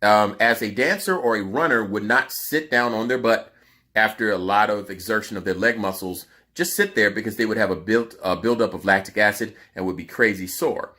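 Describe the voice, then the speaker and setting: A man's voice: fairly low pitch, normal speed, sharp tone. A man teaching singers a vocal cooldown in a casual, emphatic way, his voice sounding tired. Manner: emphatic, instructive. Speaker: vocal coach.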